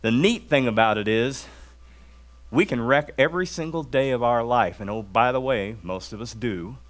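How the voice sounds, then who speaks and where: A man preaching a sermon and telling stories, swinging from raised emphatic lines to hushed, drawn-out ones. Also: mid-range voice. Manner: storytelling, drawn-out words for emphasis.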